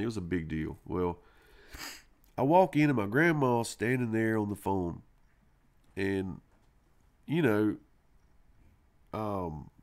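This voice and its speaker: A man's voice: lowish voice, darkish tone. A man hosting a live stream, telling a rambling childhood story casually, with swearing and fillers. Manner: rambling, profane, full of fillers like "man" and "you know".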